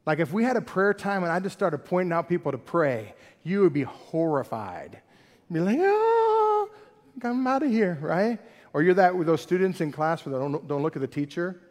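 High-voiced animated preacher in a reverberant hall. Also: male voice, fairly quick. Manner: animated, conversational preaching with rhetorical questions. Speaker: pastor. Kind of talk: sermon.

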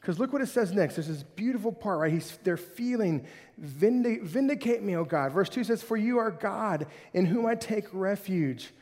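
A male pastor preaching a sermon with animated, conversational delivery that swings between loud and soft. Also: sits high, moderate pace. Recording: hall reverb.

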